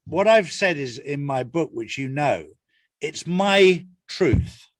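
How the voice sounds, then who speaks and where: Earnest older Englishman, fairly high voice. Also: lively intonation, slow, no room sound, studio quality. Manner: earnest, emphatic, repeats his points. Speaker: interview guest, author. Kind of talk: casual interview talk.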